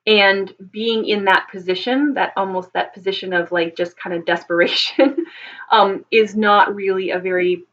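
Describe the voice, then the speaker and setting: A woman's voice: medium pitch, fairly even intonation, normal speed, fairly bright tone. Woman explaining vocal technique, dull audio. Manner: thoughtful, with many ums and restarts. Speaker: voice teacher.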